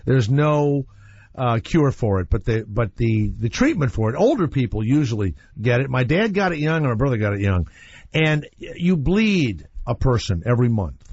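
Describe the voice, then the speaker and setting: A male talk radio host spins a rambling story, his pitch swinging up and down as he talks. He sounds relaxed and casual. The broadcast sound is muffled and slightly dull. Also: normal speed, breathy edge.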